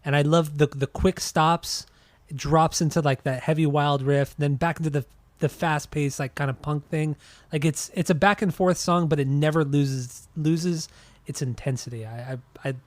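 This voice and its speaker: A man's voice: on the high side, fairly even intonation, normal speed, dry recording. A young man co-hosting a podcast, talking casually about an album with many restarts and casual swearing. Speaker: podcast co-host. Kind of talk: casual music review chat.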